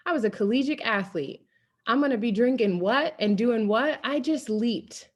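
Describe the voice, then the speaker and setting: A young adult woman speaking on a team coaching call, telling her story in an energetic, animated way. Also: fairly high pitch, normal speed. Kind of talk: motivational team call talk.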